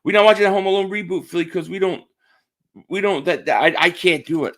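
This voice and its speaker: Chatty high-voiced man streaming sports talk. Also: steady tone, quick pace, a bit bright. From Philadelphia area. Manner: chatty, repeats himself, reads chat names aloud. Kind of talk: casual live-stream chat.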